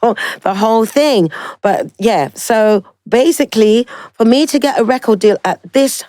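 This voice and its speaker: A woman in her sixties with a London accent, a guest singer telling her story in a lively, animated way and acting out other people's voices. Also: a little high, normal speed, no echo, clean studio sound. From South London, England. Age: 60s. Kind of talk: casual interview chat.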